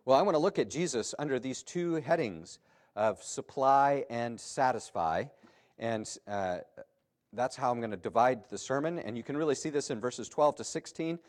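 A male pastor delivers a sermon. His pitch rises and falls across a wide range. He leans hard on key phrases, then drops low and quiet again. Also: moderate pace. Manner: animated preaching with emphatic rises and drops.

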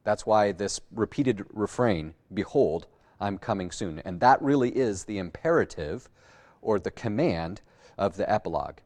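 A man's voice: fairly low pitch, expressive, normal speed, darkish tone. Man preaching a conversational church sermon. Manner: conversational, with frequent "uh" fillers and restarts. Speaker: pastor.

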